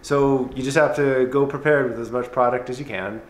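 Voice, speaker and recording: A man's voice: medium pitch, fairly even intonation, moderate pace. A man on a farm vlog who sells at the market, talking in an upbeat, encouraging and teasing way. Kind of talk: casual vlog chat.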